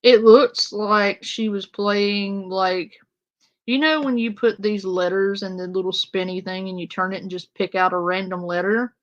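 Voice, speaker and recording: A woman's voice: mid-range voice, fairly even intonation, measured pace, highs cut off. A woman panel guest ranting in an exasperated, profane way in casual commentary.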